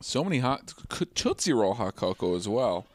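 A man co-hosting a comedy podcast, bantering playfully with deadpan asides. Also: lowish voice, normal speed.

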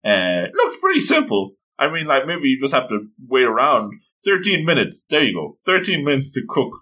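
A man casually reading through a manga chapter, gushing over it and doing quick voices for the characters. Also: mid-range voice, wildly swooping pitch, bright, forceful tone. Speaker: manga reader and reviewer. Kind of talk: casual read-through commentary.

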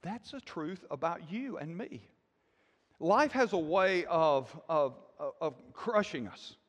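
An older man, a grandfather, preaching a sermon with emphatic declarations that drop to hushed, intimate asides. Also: on the high side, animated, slow, big-room sound. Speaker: pastor.

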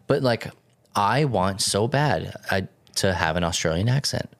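A young man co-hosting a casual podcast, talking in an animated, jokey way with quick asides. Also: on the low side, dry recording, studio quality. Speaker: podcast co-host.

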